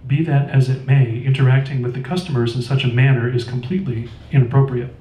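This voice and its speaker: A male author reading aloud, voicing a stiff, pompous fast-food manager who lectures in formal words. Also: medium pitch, little pitch movement, mellow, natural voice. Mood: stern. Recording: roomy store, distant mic.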